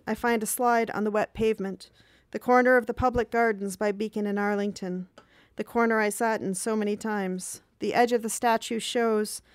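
A woman in her thirties reading her own diary entries aloud in a calm, measured, reflective way. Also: a little high, clear, resonant tone, dry recording. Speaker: reader of her own journal.

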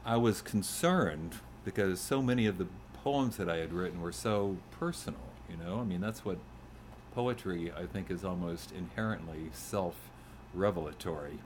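A man's voice: sits low, normal speed, slight background noise. A middle-aged man talking casually to an audience, then reading his own poems aloud. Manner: conversational, self-deprecating, gently humorous. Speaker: poet reading his work. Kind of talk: poetry reading to a live audience.

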